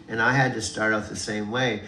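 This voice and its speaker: A man's voice: lowish voice, fairly even intonation, brisk, pushed and bright. A man patiently coaching, encouraging and repeating himself, laughing easily. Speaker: chanting practitioner coaching an AI. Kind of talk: casual instructional talk. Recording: echoey room with faint background noise.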